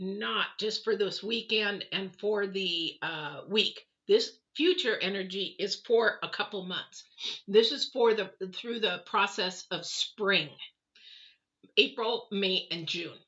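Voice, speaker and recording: Chatty woman giving a bright tarot reading. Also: mid-range voice, takes it slowly, lo-fi sound. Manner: chatty and rambling, self-deprecating asides. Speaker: tarot reader. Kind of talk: casual live tarot reading.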